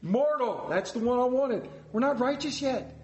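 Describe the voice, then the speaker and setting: A man preaches in an easy, conversational way, turning to his listeners with questions. His voice sits fairly high for a man. The room around him is echoey. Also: expressive, moderate pace, slight background noise. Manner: conversational, asks the congregation questions. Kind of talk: interactive sermon.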